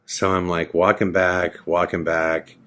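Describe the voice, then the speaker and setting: A man with a deep, low voice hosts a podcast, telling his own story casually. He jumps between narration and quoted dialogue, acting out both speakers as he goes. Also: unhurried. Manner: animated retelling, acts out both sides of dialogue. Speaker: podcast host. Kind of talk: casual first-person storytelling.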